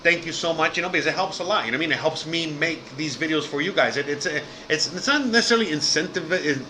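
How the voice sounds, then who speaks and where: A man's voice: on the high side, fast, sharp tone, a little hiss or hum. A man hosting his own channel, talking casually and at length to his viewers, rambling, swearing and repeating "you know what I mean". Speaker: channel host.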